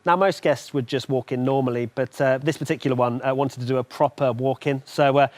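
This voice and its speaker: A man's voice: medium pitch, fairly even intonation, brisk, dry recording. A man presenting an esports racing show, teasing and upbeat with his co-hosts.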